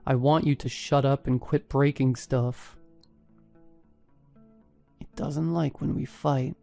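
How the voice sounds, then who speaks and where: A man voicing a surly, ragged older French junkie in a horror story, with a French accent and a hushed, blunt way of talking. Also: mid-range voice, flat delivery, a little slow, soft background music, natural voice. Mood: snappish hushed. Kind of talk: scripted narration.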